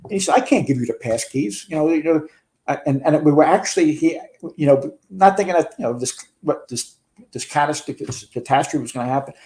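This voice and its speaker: Older New man, retired fire chief guest, warm low-key tone, casual storytelling. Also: lively intonation, a little fast. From New York. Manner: rambling with frequent restarts and swearing.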